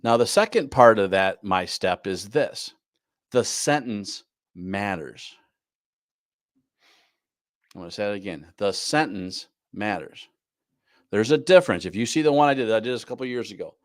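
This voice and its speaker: A man's voice: fairly low pitch, lively intonation, fast talker, few pauses, no room sound, clean studio sound. A man teaching a live online class on goal planning, repeating his key points and often asking "right?". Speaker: business coach.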